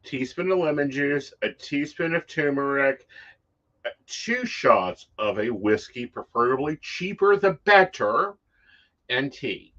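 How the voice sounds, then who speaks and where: A man's voice: mid-range voice, lively intonation, measured pace, bright, forceful tone, dull audio. A man co-hosting a casual chat about psychic life, blunt and free with swear words. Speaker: psychic co-host.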